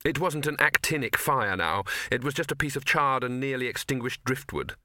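A man narrating an audiobook with measured, even storytelling. His voice is bright and forward. The recording is close and dry. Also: medium pitch, no echo. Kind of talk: scripted narration.

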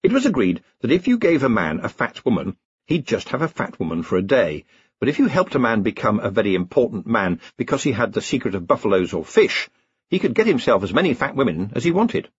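A man reads an audiobook with a husky voice and a wide, lively pitch. His delivery is dry-humoured. The recording is dull and dry, close to the mic. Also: a little fast, no room sound. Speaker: audiobook narrator. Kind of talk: audiobook reading.

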